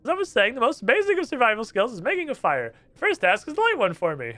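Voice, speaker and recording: A man voicing an excitable, bossy tutor stranded underwater, in a squeaky, put-on voice. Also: quick pace, no room sound, full character voice. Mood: chirpy.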